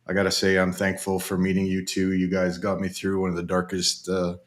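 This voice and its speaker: Deep-voiced man hosting a podcast. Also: a little fast. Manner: relaxed, hesitant, many fillers. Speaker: podcast host. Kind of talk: casual podcast chat.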